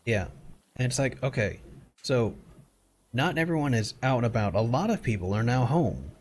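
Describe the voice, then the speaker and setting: A man's voice: medium pitch, lively intonation, normal speed, darkish tone, slight background noise. A young adult man streaming from home, chatting casually and bluntly while gaming, swearing freely and rambling through his complaints.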